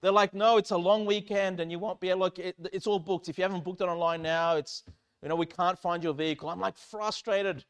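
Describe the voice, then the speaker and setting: A male church pastor preaching by telling a personal story, with animated delivery that swings from loud exclamations to hushed, low lines. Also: a little fast, clear, resonant tone. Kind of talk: sermon storytelling.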